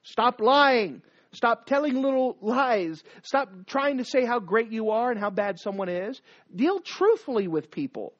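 Lively preacher exhorting a congregation. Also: medium pitch, measured pace, muffled recording. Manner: exhorting, repeats commands; asks the listeners rhetorical questions. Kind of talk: sermon.

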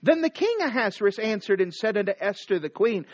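A preacher giving an animated sermon, reading scripture and retelling it. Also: male voice, sits high, a little fast, few pauses. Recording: dull dry lo-fi recording.

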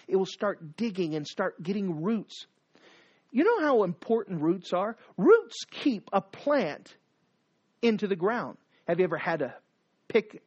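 A preacher in full sermon mode, voice swinging widely up and down in pitch. The delivery keeps pressing the listeners with rhetorical questions and repeated commands. The recording is dull and lo-fi. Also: breathy edge.

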